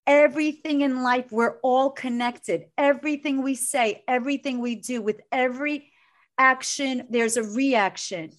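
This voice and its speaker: A woman coach with a somewhat high voice speaks in an earnest, heartfelt way. She talks openly and with emotion in a warm-hearted conversation. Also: unhurried.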